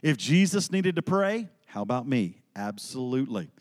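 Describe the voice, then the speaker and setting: A man's voice: medium pitch, sing-song, moderate pace, long reverb tail. A man preaching an earnest, emphatic sermon, weaving in personal stories.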